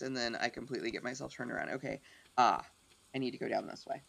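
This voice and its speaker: A woman streaming a game, chatting excitedly and poking fun at herself. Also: rumbling low, fast talker, vocal fry, slightly rough. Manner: chatty, self-deprecating, excitable. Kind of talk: casual game commentary.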